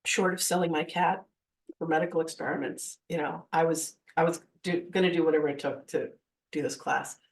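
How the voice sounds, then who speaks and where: Woman, 50s, spiritual teacher giving a class, animated storyteller who voices her quotes, recorded from a distance. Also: deep voice, a little fast. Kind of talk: live masterclass storytelling.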